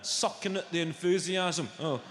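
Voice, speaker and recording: Brief: young Scottish male comic, a little high-pitched, in a reverberant hall with a loud crowd. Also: normal speed, noisy background. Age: young adult. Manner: crowd banter, sweary and teasing. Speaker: stand-up comedian. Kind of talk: live stand-up routine. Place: large theatre stage, indoors.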